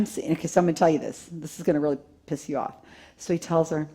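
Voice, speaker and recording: A woman giving a live talk to a seated audience, telling a story in an animated way, laughing and acting out quotes. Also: sits low, fast, husky. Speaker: conference speaker.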